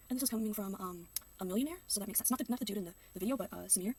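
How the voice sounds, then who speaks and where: A woman's voice: medium pitch, very fast, a little mellow, distant mic. A young woman rattles off sarcastic reaction commentary at a breakneck pace, mocking the people on screen. She sits a bit back from the mic, with faint room noise behind her. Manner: sarcastic ranting, jumps into mocking voices. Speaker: reaction youtuber.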